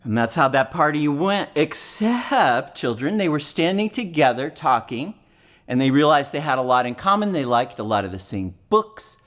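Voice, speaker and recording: A man's voice: fairly high pitch, sing-song, moderate pace, fairly bright tone. A man running an interactive children's show at a library, playful and full of call-and-response. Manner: playful, call-and-response, big swoops up for effect. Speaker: children's entertainer. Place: public library event.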